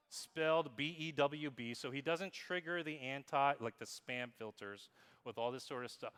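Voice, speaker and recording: A man giving a lively conference keynote on marketing, playful and quizzing the crowd, reading examples aloud in exaggerated voices. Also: mid-range voice, normal speed. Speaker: keynote speaker. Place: conference hall with audience. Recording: long hall reverb.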